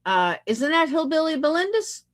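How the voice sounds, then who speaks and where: A woman's voice: high voice, sing-song, moderate pace. A woman hosting a livestream, talking back in a blunt, sarcastic and profane way. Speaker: livestream host. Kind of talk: casual livestream commentary.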